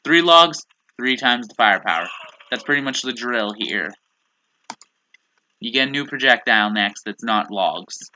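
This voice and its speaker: Man, gaming commentary, casual, rambling, bright tone, keyboard clicks faint. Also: medium pitch, expressive, measured pace, long pauses, lo-fi sound, slight background noise. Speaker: gaming YouTuber. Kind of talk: let's play commentary.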